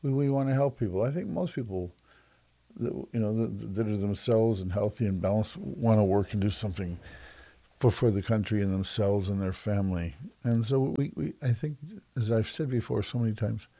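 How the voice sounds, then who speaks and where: A man talks through a reflective monologue in a low, gravelly voice with a warm, mellow tone. He stumbles and repeats words as he goes, then slows down to press on softer points. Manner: halting, repeats words often, slows to soft emphasis. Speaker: speaker on self-judgment and kindness.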